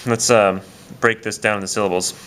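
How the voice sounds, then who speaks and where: A man's voice: on the low side, fairly even intonation, brisk, fairly bright tone. A man teaching a casual video lesson, explaining step by step with frequent "uh" and "um" fillers. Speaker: Spanish teacher.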